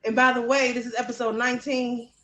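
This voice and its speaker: A woman's voice: a little high, little pitch movement, fast talker, pushed and bright. A woman co-hosting a live-stream talk show, playful and teasing, laughing often with the host. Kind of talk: casual live-stream chat. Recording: roomy echo.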